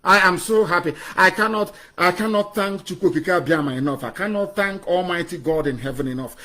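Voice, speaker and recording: A man's voice: sits high, fairly quick, bright, forceful tone. A man with a Nigerian English accent giving an impassioned political broadcast, scornful and repeating phrases for emphasis. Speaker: political activist addressing followers.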